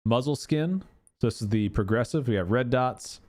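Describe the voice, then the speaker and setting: A man giving casual commentary on game cosmetics, with an animated, exasperated, swearing manner. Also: mid-range voice, normal speed. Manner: animated, exasperated ranting with profanity. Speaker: gaming content creator.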